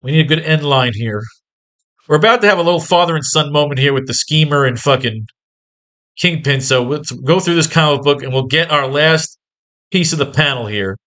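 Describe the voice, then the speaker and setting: A man's voice: fairly high pitch, brisk, a bit bright. A man teaching comic book writing in a casual online lesson, talking in a profane, rambling, exasperated way.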